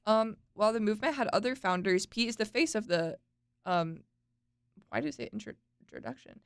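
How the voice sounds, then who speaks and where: A woman's voice: medium pitch, expressive, brisk, gravelly, clean tone, no echo, clean studio sound. A young woman co-hosting a podcast, chatting casually, laughing and tripping over names as she explains a topic. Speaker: podcast co-host.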